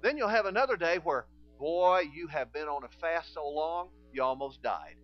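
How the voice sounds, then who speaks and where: Animated preacher man telling a story. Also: fairly high pitch, normal speed, lo-fi sound. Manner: animated storytelling, acting out dialogue in quiet voices. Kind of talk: sermon.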